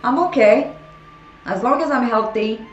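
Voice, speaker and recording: Slow-talking French woman streamer. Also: a little high, echoey room, dull audio, faint music behind. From France. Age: 40s. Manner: playful, teasing viewers by name. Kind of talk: casual chat with live chat.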